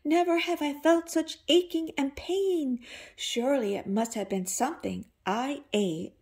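A woman's voice: high-pitched, unhurried, a little mellow, pitched above the performer's own voice. A woman voicing a dramatic, groaning storybook wolf. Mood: lamenting. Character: big groaning wolf with a stomach ache. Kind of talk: storybook reading aloud.

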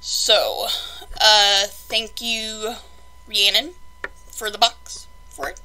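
A woman's voice: mid-range voice, flat delivery, drawn-out words, bright, forceful tone, rough recording. A young woman chatting casually through a toy unboxing, rambling and exasperated in her asides.

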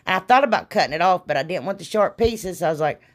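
A middle-aged woman hosts a craft tutorial. She rambles happily and calls her viewers y'all. Her voice sits a little on the low side. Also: lively intonation, fast talker. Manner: rambling, folksy, talks straight to viewers as y'all. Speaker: craft channel host. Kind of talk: casual chatty craft tutorial.

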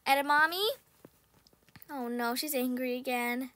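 A young female gaming host narrating her game play, excitable, squealing and shouting when in danger. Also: sits high, a little slow, very noisy. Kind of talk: game commentary.

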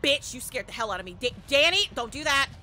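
A woman live-streaming a horror game, talking to her chat with loud, excitable, dramatic reactions. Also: high voice, fast talker, a little hiss or hum. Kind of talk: live gameplay commentary with chat.

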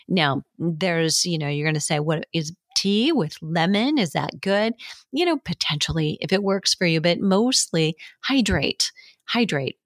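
A woman's voice: on the low side, dry recording. A middle-aged woman hosting a podcast, giving upbeat coaching advice from a home studio. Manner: upbeat, coaching, demonstrates warm-ups. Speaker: podcast host and fitness educator. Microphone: studio mic.

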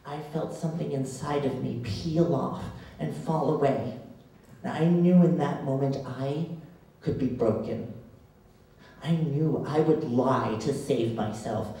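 A man performing spoken word poetry on a live stage, dramatic and rhythmic with long pauses. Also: mid-range voice, mellow. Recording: echoey hall, distant mic.

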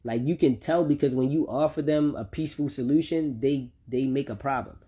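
A man's voice: medium pitch, brisk, dark tone, husky. A man speaking to viewers about his children, heated and repetitive, swearing often. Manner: talks directly to listeners. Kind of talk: unscripted personal vlog rant.

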